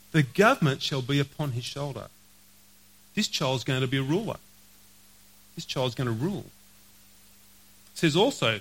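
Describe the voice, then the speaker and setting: Earnest man preaching, higher voice. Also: rough recording. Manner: earnest, repeats key phrases, slows for scripture quotes. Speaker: pastor. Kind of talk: sermon.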